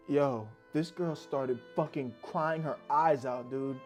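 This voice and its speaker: A man's voice: mid-range voice, slow pace, few pauses, a little mellow, soft background music. A young man narrating a personal story in a candid, slangy, reflective way. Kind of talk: casual storytelling.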